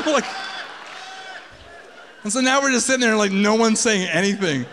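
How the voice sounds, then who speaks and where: A man's voice: very high-pitched, animated, normal speed, pauses often, big-room sound, noisy background. A man telling a personal story on a theater stage in a casual, profane, conversational way.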